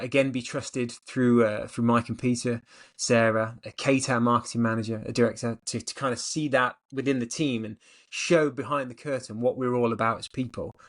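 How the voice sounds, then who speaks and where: Brand director, man, mid-pitched, casual and enthusiastic, talks in long excited runs. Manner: enthusiastic, rambling, energetic. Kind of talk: casual interview answers.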